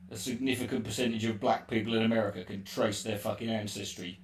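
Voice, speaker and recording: A man's voice: lowish voice, steady tone, fast talker. Brit guy ranting at his stream chat, lots of swearing, sounds a bit far off, faint hiss. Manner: profane, sarcastic, rambling. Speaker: live streamer answering chat. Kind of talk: casual live-stream rant. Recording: roomy echo, distant mic, faint noise.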